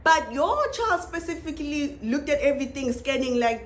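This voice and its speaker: Female vlogger, South African accent, high voice, animated and gossipy delivery. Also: normal speed, few pauses, a little hiss or hum. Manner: animated, laughs often, exclaims. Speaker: TV reviewer. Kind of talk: casual review vlog.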